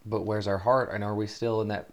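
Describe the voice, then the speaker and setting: A man co-hosting a casual Bible study talk, relaxed and reflective. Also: lowish voice, a little fast. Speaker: Bible study podcast co-host.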